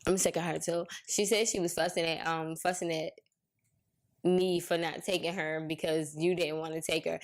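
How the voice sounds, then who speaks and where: Young woman podcast co-host, casual slangy storyteller, lively quoting. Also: deep voice, normal speed. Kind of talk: casual chat.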